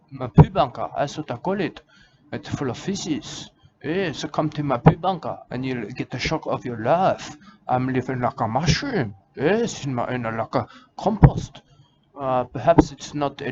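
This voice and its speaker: Guy playing an eccentric aussie bloke rambling on, kinda high voice, uh uh mate mate, broken grammar, dull lo-fi audio. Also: close to an everyday voice. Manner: rambling, full of "uh", keeps saying "I can tell you" and "mate". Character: rambling eccentric man, self-styled wildlife warrior. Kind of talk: absurd comic monologue. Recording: dull lo-fi recording with clear background noise.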